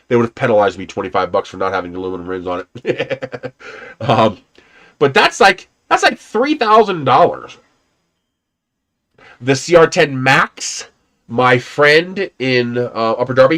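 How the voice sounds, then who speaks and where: A man's voice: medium pitch, animated, measured pace, fairly bright tone. Rambling, laid-back man telling stories. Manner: rambling storyteller, laughs often, swears casually. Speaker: livestream host. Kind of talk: casual rambling livestream chat.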